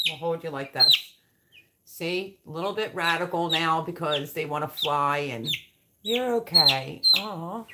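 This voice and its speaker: A woman with a low voice talks at an unhurried pace, hosting a casual live-stream chat. Noise and chirping birds are clearly audible behind her. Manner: coos softly to her chicks. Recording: background noise with bird chirps.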